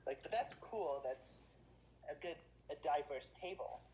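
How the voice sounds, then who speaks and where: A woman's voice: sits low, animated, unhurried, a little hiss or hum, low-quality recording. A woman dungeon master, a guest in a casual interview, rambling with lots of fillers and restarts.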